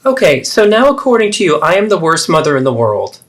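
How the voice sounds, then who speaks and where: A man's voice: a little high, big pitch swings, brisk, a bit bright, pitched above the performer's own voice. A man voicing a defensive, self-pitying middle-aged mother in a therapy role-play, deflecting and indignant. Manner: dramatic, deflecting, swings between hurt and indignant.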